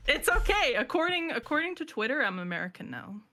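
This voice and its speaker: A woman co-hosting a podcast, chatting casually in a relaxed, giggly way. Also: high-pitched, fairly quick, soft background music. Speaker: podcast co-host. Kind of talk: casual chat.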